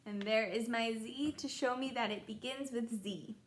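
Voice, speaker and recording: A young woman teaching a children's phonics lesson, sounding out letters in a slow, encouraging sing-song way. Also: on the high side, a little hiss or hum. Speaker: kindergarten teacher.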